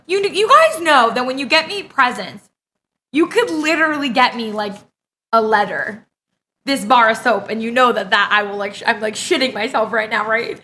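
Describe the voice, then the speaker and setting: A young woman streamer, excitable and gushing, swearing freely as she chats casually on a live stream. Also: sits high, moderate pace.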